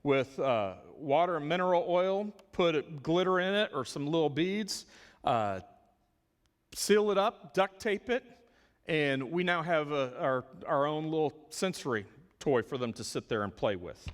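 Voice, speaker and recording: A man's voice: fairly high pitch, lively intonation, unhurried. Earnest male trainer in a reverberant hall. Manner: earnest, repeats words while thinking. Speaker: special needs ministry trainer. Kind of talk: volunteer training talk. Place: church.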